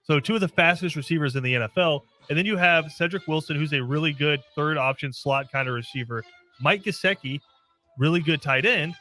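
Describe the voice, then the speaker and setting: A man's voice: a little high, bright, forceful tone, soft background music. A man co-hosting a sports talk show who talks casually, teases his partner, and keeps pulling the talk back on topic. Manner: rapid, teasing, keeps steering back on topic. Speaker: co-host.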